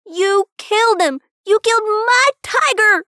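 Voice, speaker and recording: Woman as anguished young boy: high, strained, drawn-out yells. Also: dry recording, studio quality, heavily acted. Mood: anguished rage. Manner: screaming, slow and strained. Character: grieving furious young boy.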